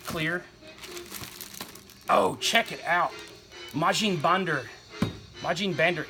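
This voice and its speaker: A man's voice: a little high, slow, long pauses, over music. A middle-aged man, rambling enthusiastically as he shows off his toy collection. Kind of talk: casual show-and-tell chat.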